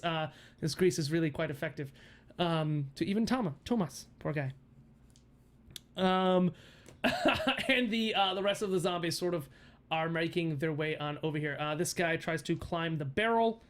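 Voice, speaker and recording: Giggly, high-voiced male game master. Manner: giggly, rambling narration full of fillers. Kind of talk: narrating a tabletop game on a livestream.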